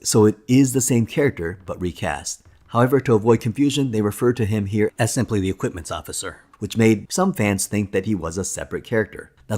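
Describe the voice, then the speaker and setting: A man narrating a film documentary in a steady, enthusiastic storytelling manner. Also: fairly low pitch. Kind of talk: scripted narration.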